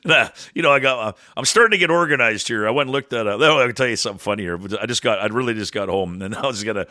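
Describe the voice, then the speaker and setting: A Canadian man co-hosting a podcast, rambling and blunt, cursing freely and swinging between loud bursts and muttered asides. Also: lowish voice, very fast, no room sound. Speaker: podcast co-host. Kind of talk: casual ranting chat.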